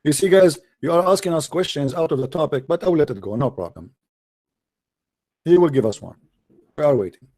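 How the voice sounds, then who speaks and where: A man's voice: fairly high pitch, animated, brisk, long pauses, dark tone, no echo. A man hosting a heated debate, insistent and repeating himself as he talks over the other speaker. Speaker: show host debating a caller.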